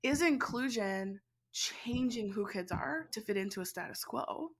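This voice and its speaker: A middle-aged woman, an education instructor telling a story as an interview guest, animated and quick to laugh. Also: a little high, husky. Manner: animated, laughs often, speeds up when excited. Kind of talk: conversational storytelling.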